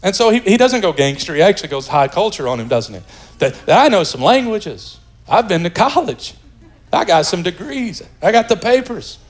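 A pastor from the United States preaching a sermon in a lively, joking, conversational way. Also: male voice, high-pitched, moderate pace.

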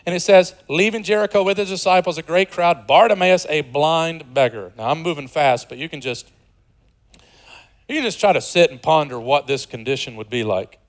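A man's voice: on the high side, normal speed, low-quality recording. Dynamic man preaching a sermon. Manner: swings from loud excited to soft hushed; conversational, jokey asides. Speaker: pastor.

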